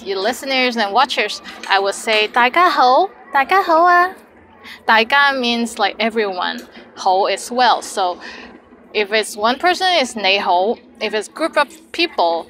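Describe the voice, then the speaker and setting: A young woman, teaching vocabulary in a chatty video lesson and repeating each word slowly for learners. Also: on the high side, bright, forceful tone, slight background noise, rough recording. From Hong Kong. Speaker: language teacher.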